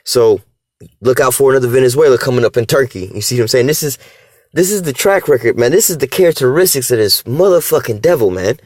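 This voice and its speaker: A man in the middle of his range talks straight into a dry, close mic with no room around him. His commentary is casual and heavy with slang. He stumbles and restarts, then his pitch jumps up when he drives a point home. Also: fast, no room sound. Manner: animated, profane street slang, acts out dialogue; restarts and fillers, rising pitch when emphatic. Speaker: religious commentator.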